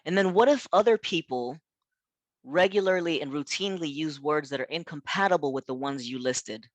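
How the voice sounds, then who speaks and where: A man's voice: fairly high pitch, moderate pace, dry recording. Reflective male pastor, dry close sound. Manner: thoughtful, frequent "you know" fillers, rhetorical questions. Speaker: pastor and community center founder giving a workshop. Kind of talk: reflective workshop talk.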